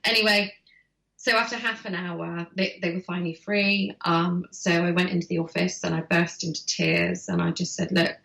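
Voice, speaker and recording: A woman host chatting casually and telling a personal story in a candid, animated way. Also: lowish voice, moderate pace, vocal fry. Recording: roomy echo.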